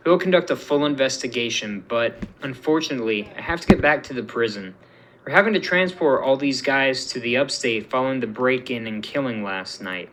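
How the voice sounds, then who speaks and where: A man reading as a sober, apologetic federal agent in a low, formal voice. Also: brisk, a bit bright, slight background noise, lightly acted, low-quality recording.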